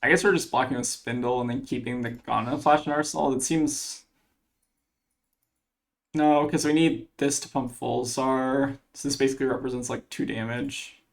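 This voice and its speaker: A man's voice: mid-range voice, steady tone, normal speed, creaky. A man commentating his own card game match, thinking aloud as he weighs each play, with plenty of fillers. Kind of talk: casual gameplay commentary.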